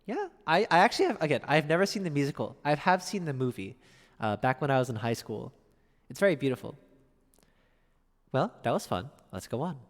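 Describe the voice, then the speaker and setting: A man's voice: a little high, very animated, fairly quick, long reverb tail. A man streaming at the piano, chatting casually and reading viewers' messages aloud. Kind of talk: casual chat.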